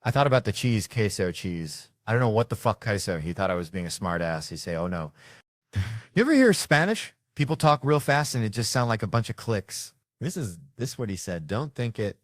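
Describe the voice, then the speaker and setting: A man with a fairly low voice tells stand-up stories, swearing and jumping into the voices of the people in them. The sound is dry and close, with almost no room around it. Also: sing-song, a little fast, no echo. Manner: loud, swearing, acting out characters. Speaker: comedian. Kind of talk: stand-up storytelling.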